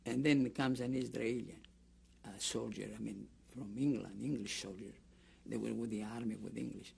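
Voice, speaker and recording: A man's voice: medium pitch, steady tone, moderate pace, gravelly, darkish tone, slightly rough. An older man with a Greek accent giving an oral history interview, rambling through a story with restarts and acting out the people he quotes. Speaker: interviewee, camp survivor.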